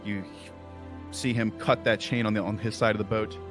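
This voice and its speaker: Man, game master narration, lowish voice, casual, rambling, filler words, faint music behind. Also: little pitch movement, moderate pace. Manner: casual, rambling description with many likes and uhs.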